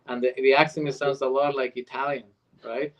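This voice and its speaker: A man's voice: mid-range voice, fairly quick, low-quality recording. A middle-aged man from Argentina with an Argentine Spanish accent, chatting as a voice actor guest in an interview. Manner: animated, switches into Spanish accents to demonstrate. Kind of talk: casual interview chat.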